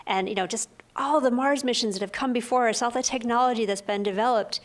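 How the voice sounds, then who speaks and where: A woman scientist speaking on a panel briefing, earnest and halting, with many fillers and restarts. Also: a little high.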